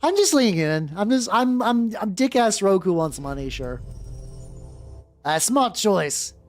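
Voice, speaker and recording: A streamer playing a video game, reacting aloud with swearing and reading the game's text out loud. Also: mid-range voice, very animated, measured pace. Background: faint background music.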